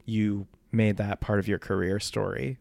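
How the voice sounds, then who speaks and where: Laid-back gravelly man co-hosting a chat podcast, dry close mic. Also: on the low side, little pitch movement, moderate pace, a little mellow, no room sound. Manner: laid-back, gossipy, trails off with fillers. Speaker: podcast co-host. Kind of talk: casual chat.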